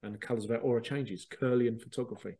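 A man, a spiritual medium, casually telling a rambling, excitable story, repeating himself and swearing now and then. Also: medium pitch, fast talker. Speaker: spiritual medium and podcast host.

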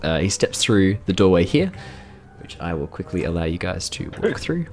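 A man's voice: sits low, big pitch swings, moderate pace, darkish tone. A man running a tabletop game as dungeon master, joking, rambling and laughing as he narrates. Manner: jokey, rambling, laughs often.

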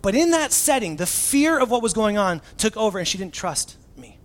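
A man's voice: high voice, very animated, moderate pace. A man in his thirties, a pastor, preaching a sermon in a casual, self-mocking storytelling way with plenty of fillers.

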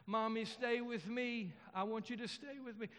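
A man's voice: very high-pitched, steady tone, moderate pace, fairly bright tone, pitched above the performer's own voice. A preacher voicing a frightened little boy begging his mother to stay. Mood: pleading. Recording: long hall reverb.

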